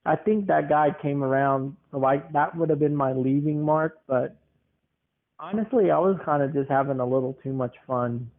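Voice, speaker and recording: Casting: a man in his twenties with a slightly high voice, a rambling, chuckling storyteller hosting a podcast. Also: moderate pace. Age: 20s. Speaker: podcast host. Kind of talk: casual rambling monologue. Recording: tinny phone-like lo-fi sound.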